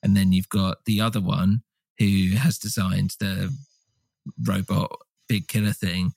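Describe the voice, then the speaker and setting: A man co-hosting a casual film podcast, rambling and swearing with lively asides. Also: deep voice, unhurried, gravelly, husky, no echo. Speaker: podcast co-host.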